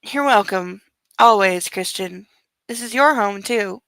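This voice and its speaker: A woman reading the lines of a gentle older mother in a plain, fond tone. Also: medium pitch, measured pace, dry recording, low-quality recording. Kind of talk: comedic book reading.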